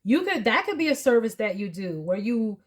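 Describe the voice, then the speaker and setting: A woman's voice: on the high side, big pitch swings, normal speed. A woman giving a tarot reading to camera, earnest and emotional, with many fillers. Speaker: tarot reader.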